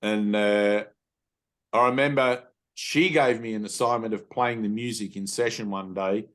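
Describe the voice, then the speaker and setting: Low-ish guy leading satsang, casual storytelling, lots of "you know". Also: fairly even intonation, measured pace. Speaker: spiritual teacher. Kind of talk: satsang talk.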